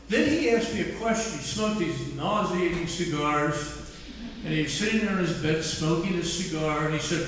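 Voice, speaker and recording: A man's voice: a little high, expressive, fairly bright tone. Older man telling stories. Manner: anecdotal, self-mocking, drawn-out delivery. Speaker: author speaking at an event. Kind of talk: humorous storytelling talk. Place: large hall, in front of an audience. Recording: echoey hall, distant mic, faint noise.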